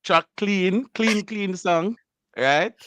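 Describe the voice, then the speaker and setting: This radio host's voice is high and extremely slow, with a little hiss or hum on the recording. Chatting casually with a guest in the studio, he teases him, stays animated, and laughs a lot.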